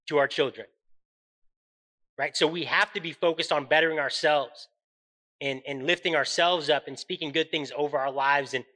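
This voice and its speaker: Bright-voiced man hosting an earnest faith podcast. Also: a little high, low-quality recording. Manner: earnest, encouraging, often asks "right?". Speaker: podcast host. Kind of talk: faith-based motivational podcast talk.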